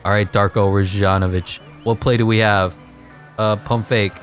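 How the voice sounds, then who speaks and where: A man giving casual, excitable commentary over his own gameplay, laughing at the game and mocking himself. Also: moderate pace, soft background music. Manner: excitable, voice jumps high when hyped. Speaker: gaming commentator.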